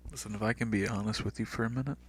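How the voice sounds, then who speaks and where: A podcast co-host chats casually about an old wrestling show, laughing as he acts out what people said in loud mock voices. He talks at a racing pace in a lowish, slightly rough voice with fairly even intonation.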